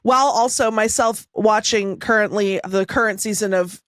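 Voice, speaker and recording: A woman's voice: mid-range voice, normal speed, a bit bright, no echo, clean studio sound. A woman co-hosting a podcast in casual, playful, giggly chat. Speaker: co-host.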